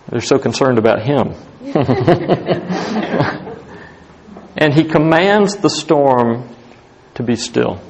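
A man preaching a sermon as pastor, animated, rising to emphatic highs and dropping to hushed tones. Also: vocal fry, slight background noise, low-quality recording.

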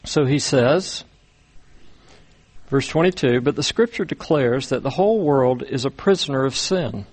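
A man preaching a sermon, speaking deliberately with frequent pauses and repeated words as he walks through scripture. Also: medium pitch, animated, slightly rough. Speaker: pastor.

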